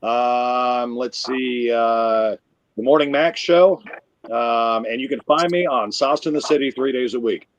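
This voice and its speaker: A man telling a crude, rambling stand-up story, getting loud when he acts himself out. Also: medium pitch, measured pace, dull audio. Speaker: comedian. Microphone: video call.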